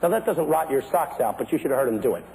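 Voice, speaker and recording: A man preaching a sermon who grew up in West Philadelphia. He tells stories to the congregation and builds up to shouted, rhythmic preaching. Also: mid-range voice, animated, fast, vocal fry, rough recording.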